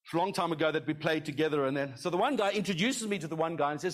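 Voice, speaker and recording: A man's voice: fairly high pitch, rapid-fire. A middle-aged male pastor giving a conversational sermon, often checking in with the congregation with "okay?".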